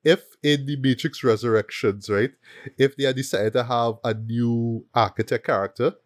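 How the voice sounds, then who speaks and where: A man's voice: medium pitch, moderate pace, no echo, studio quality. A man hosting a casual film review chat, talking animatedly and often stopping to ask "right?". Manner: animated, repeats words and asks "right?" often. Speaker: film review podcast host.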